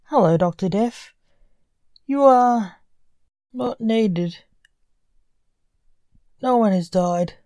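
A woman voicing an ancient male reaper who scolds and sounds exasperated, with a mellow tone. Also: medium pitch, extremely slow, long pauses, no room sound, studio quality. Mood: irritated.

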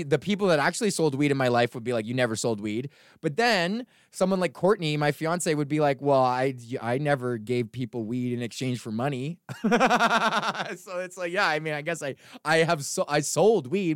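A Canadian man with a fairly high, animated voice hosts his own podcast at a moderate pace. The recording is dry with clean studio sound. He rants casually, telling rambling, profane stories and laughing along the way.

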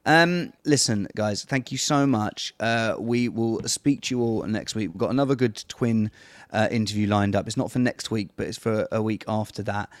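A man's voice: lowish voice, normal speed, no room sound. A man co-hosting a podcast in casual chat, playful and enthusiastic. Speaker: podcast co-host.

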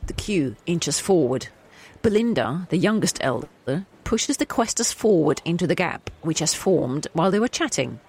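Playful husky storyteller. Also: medium pitch, big pitch swings, normal speed, a little mellow. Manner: laughs often, playful. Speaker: storyteller and co-host. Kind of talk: narrating a comic story, casual chat.

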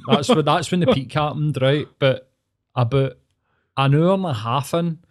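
A man's voice: on the high side, normal speed. A man with a Glaswegian accent telling a long personal story in casual podcast chat, rambling and sweary but earnest. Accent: Scottish, Glaswegian.

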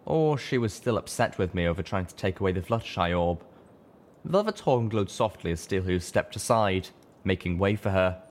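A man's voice: low voice, moderate pace. A man reading a fan-fiction audiobook aloud, narrating steadily in the first person.

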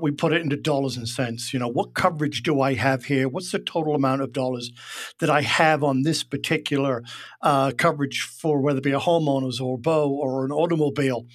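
A man's voice: fairly high pitch, fairly bright tone. A man, guest on a podcast, explaining insurance points conversationally with a dry, wry sense of humor. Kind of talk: conversational interview.

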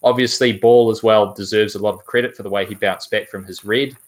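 Male podcast host, low voice, eager casual football chat. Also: steady tone, fairly quick. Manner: enthusiastic, asks co-hosts questions.

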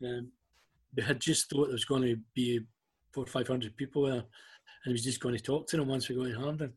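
A man's voice: mid-range voice, a little fast, slightly rough. A middle-aged Scottish man telling a story in casual chat, acting out what people said. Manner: animated anecdotes, acting out quoted voices. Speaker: guest.

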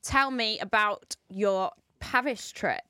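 A woman's voice: mid-range voice, slow pace, pushed and bright, smooth, no echo, clean studio sound. A woman co-hosting a podcast, teasing her co-host and swearing in casual chat.

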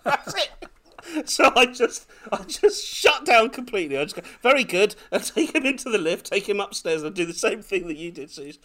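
Man telling a story, excited. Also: high voice, normal speed. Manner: animated, laughing, breathless when excited. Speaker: podcast co-host. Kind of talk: casual storytelling chat.

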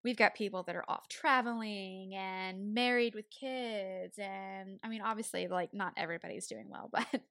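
Chatty young woman with a bright voice. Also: mid-range voice, steady tone, normal speed, hardly any pauses, dry recording, studio quality. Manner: chatty, says "like" often, laughs easily. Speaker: podcast co-host. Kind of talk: casual chat.

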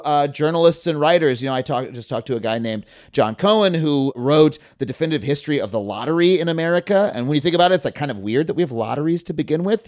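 A man who is a guest in a casual interview, talking eagerly about his own podcast with lots of fillers. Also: on the high side. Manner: enthusiastic, quick, filler-laden.

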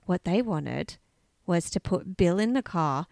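A woman co-hosting a casual true-crime chat, telling the story in a chatty, animated way. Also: fairly low pitch, a little slow, vocal fry, dry recording, clean studio sound. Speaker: podcast co-host.

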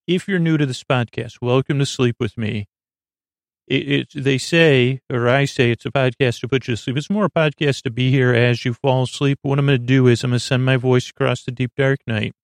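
A man hosting a sleep podcast, talking in a soft, lulling, creaky way and wandering off on goofy tangents. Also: mid-range voice, steady tone, brisk, no room sound, clean studio sound. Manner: meandering, self-interrupting, goofy tangents. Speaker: podcast host. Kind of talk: rambling sleep podcast monologue.

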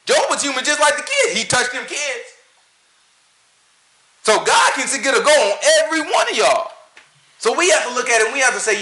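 A man talking casually about church and preaching, animated and joking, often laughing. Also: high-pitched, quick pace, echoey room, rough recording. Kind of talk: casual opinion talk.

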